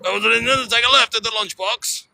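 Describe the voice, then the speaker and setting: A man imitating a northern English cab driver who mutters quietly under his breath. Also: very high-pitched, fast, vocal fry, voice pushed up, heavily acted. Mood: mumbling. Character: mumbling northern British male cab driver. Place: outdoors on a city street.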